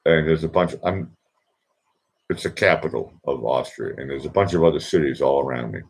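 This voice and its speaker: A man with a Boston accent hosts his own livestream and chats in a loose, meandering way, cracking jokes and trailing off into "uh"s. His voice sits very low. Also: fairly quick, vocal fry. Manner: chatty, joking, meandering with many fillers. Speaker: livestream host. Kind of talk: casual rambling monologue. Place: indoors in Vienna.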